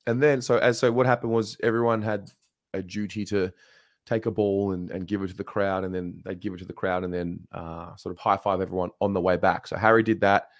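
A man co-hosting a football fan show, relaxed and calm as he steers it along and reads out announcements. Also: low voice, fairly quick, dry recording, studio quality. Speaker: co-host. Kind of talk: casual show chat and announcements.

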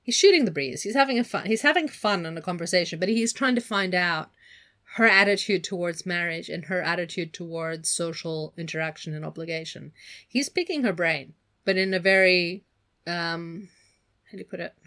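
A woman's voice: fairly low pitch, normal speed. Chatty woman co-hosting. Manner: chatty, animated, laughs often, slips into put-on accents. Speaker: podcast co-host. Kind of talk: casual book discussion.

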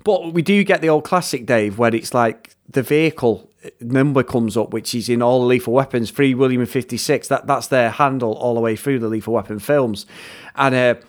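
A man co-hosting a podcast, chatting about a film in a rambling way and retelling scenes with quick impressions. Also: medium pitch. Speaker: podcast co-host. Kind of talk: casual film review chat.

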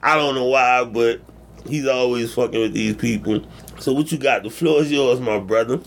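Man, sports podcast co-host, gravelly voice, teasing, casual banter. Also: medium pitch, normal speed, slight background noise. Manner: laughing, teasing, hypes up his co-host.

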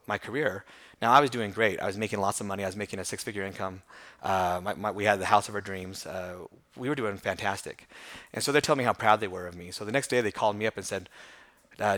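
A man in an interview, a hair school franchise owner telling his story with self-deprecating humor. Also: on the low side. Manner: fast, animated storytelling with self-deprecating laughs.

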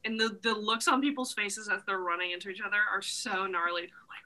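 A young woman guitarist in a band, a podcast guest, relaxed and quick to laugh. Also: medium pitch, rough recording. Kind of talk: casual interview chat.

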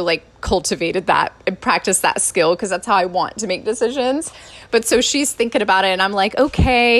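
A woman in her thirties, a coach and podcast host, telling a personal story in a lively, spontaneous way and laughing often. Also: medium pitch. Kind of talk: casual storytelling monologue.

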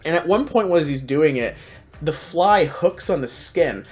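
A podcast co-host animatedly recounts a story in loose conversation, cursing without restraint and doing voices for the characters. Mid-range pitch, normal speed, with faint music in the background.

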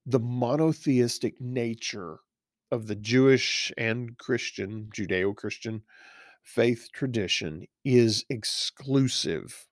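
A man's voice: mid-range voice, slow, dry recording, studio quality. A man, a pastor, teaching a verse-by-verse Bible study in a conversational way, reading scripture aloud and stopping to comment on it. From Texas.

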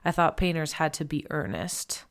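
Low-voiced chatty woman. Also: normal speed. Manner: chatty, laughs often, says "like" a lot. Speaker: presenter. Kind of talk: casual chat about art.

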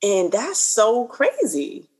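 A woman with a New York accent, chatting casually in a lively back-and-forth. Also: mid-range voice, slow pace, breathy edge, low-quality recording. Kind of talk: casual chat.

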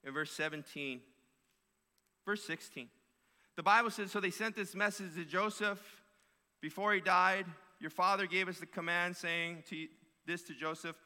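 A man's voice: high-pitched, normal speed, bright, forceful tone. A male pastor preaching a sermon with emphatic, repeated phrases. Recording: long hall reverb.

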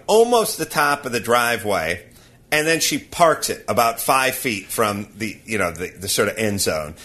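A man's voice: mid-range voice, pushed and bright. A man hosting a podcast, ranting and laughing through a casual comic story. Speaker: podcast host.

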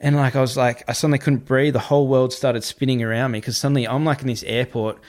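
A man, a podcast guest telling a story in a casual, animated way, often swearing and repeating himself. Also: mid-range voice, quick pace. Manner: animated, repetitive, swears freely.

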